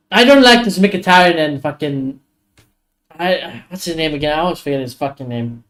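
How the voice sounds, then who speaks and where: A man with a slightly higher-pitched voice hosts a live football watchalong. He gives blunt, opinionated reactions and swears often as the match plays out. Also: expressive, moderate pace, a bit bright. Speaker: streamer hosting a football watchalong.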